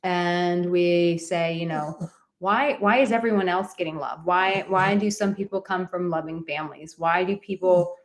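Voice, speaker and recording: A woman's voice: on the low side, fairly even intonation, normal speed. A woman relationship coach in casual live-stream chat from a relative's home, bubbly and talkative, reading out viewer comments.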